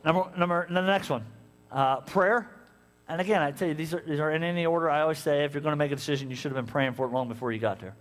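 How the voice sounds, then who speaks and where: A male pastor with a fairly high voice preaches quickly in a large church sanctuary. He tells stories with animation, acting out both sides of each conversation.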